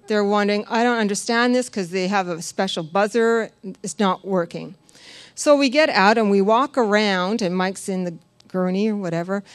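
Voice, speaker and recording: A woman giving a personal testimony at a church service, telling her story in a lively way, laughing often and acting out what others said. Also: medium pitch, no room sound. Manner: animated storytelling, laughs often, quotes others in acted voices. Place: church sanctuary.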